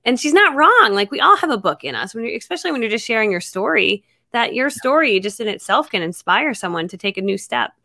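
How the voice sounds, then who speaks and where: A middle-aged woman chatting as a guest author on a podcast, bubbly and quick, laughing often. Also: a little high, big pitch swings, gravelly, bright, forceful tone, dry recording. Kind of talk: casual podcast chat.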